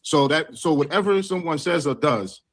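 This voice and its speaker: A man on a panel, measured in his delivery as he presses the guest with probing questions. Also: on the high side. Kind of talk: heated panel discussion.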